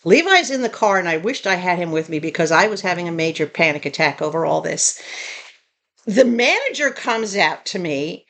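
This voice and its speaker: A woman vlogger telling a story casually to her viewers, in an animated, indignant way. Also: lowish voice, normal speed. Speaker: tiny home vlogger.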